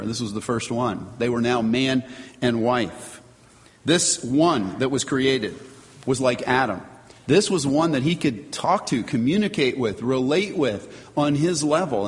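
A man preaching a sermon, earnest and emphatic, reading scripture aloud and driving points home with measured pauses. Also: mid-range voice, big-room sound. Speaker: pastor.

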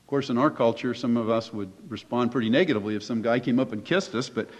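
The dull, lo-fi recording captures a pastor preaching in an echoey hall. He has a mid-range voice and a quick pace, speaking conversationally but emphatically and asking his listeners rhetorical questions.

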